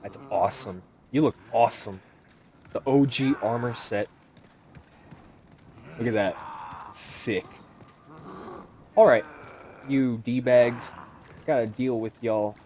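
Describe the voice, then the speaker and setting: A young man giving casual, animated commentary over a video game, joking and talking back to the characters on screen. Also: medium pitch, slow, pauses often, slight background noise. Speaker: gaming YouTuber.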